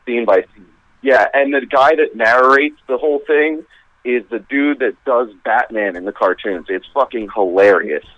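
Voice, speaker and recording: A man's voice: mid-range voice, no room sound. A man calling in to a show, chatting casually and rambling with lots of fillers and restarts. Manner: rambling, halting with many fillers. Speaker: caller. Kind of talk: casual chat. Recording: dull lo-fi phone line.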